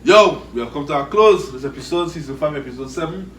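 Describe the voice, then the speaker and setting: A man hosts an outdoor group interview, calling out to the people around him with energy. His voice sits a little high. He is heard from a distance, with echo and steady outdoor noise. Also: fast talker. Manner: lively, calls out to the crowd. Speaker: interview show host. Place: outdoors with a crowd. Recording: echoey, distant, noisy outdoor ambience.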